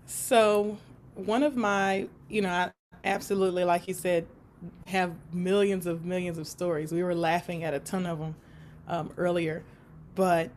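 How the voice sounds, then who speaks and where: Speaking on the low side over a little hiss or hum, a guest who supports people with autism recounts an episode from work. Her telling is lively and off the cuff, full of laughter and impressions of the people in it.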